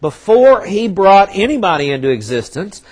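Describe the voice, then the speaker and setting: A man delivering a sermon in a somewhat high voice. He preaches emphatically, slowing down and dropping his volume for dramatic effect. Now and then he slips into the voices of the prophets he quotes, still talking plainly. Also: big pitch swings. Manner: emphatic preaching with dramatic pauses and shifts in loudness; acts out quoted prophets and God in conversational voice. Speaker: pastor.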